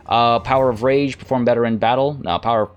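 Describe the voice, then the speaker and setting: A man's voice: medium pitch, steady tone, brisk, clean tone, muffled recording. A man narrating his own strategy game, thinking aloud in a hesitant, musing way. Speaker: let's play host. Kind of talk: gameplay commentary.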